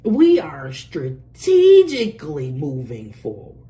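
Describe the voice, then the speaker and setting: A woman's voice: deep voice, wildly swooping pitch, takes it slowly, dark tone. A woman giving a casual spoken tarot reading, blunt and profane and laughing often. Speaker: tarot reader.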